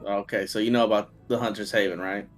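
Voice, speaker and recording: A man playing a tabletop game, speaking bluntly and gruffly in character. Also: on the low side, fairly even intonation, quick pace, soft background music. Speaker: player. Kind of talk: in-character tabletop role-play.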